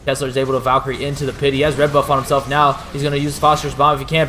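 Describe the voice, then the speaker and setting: A man giving excitable play-by-play commentary as an esports caster, rising to shouts at big plays. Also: mid-range voice, rapid-fire, slight background noise.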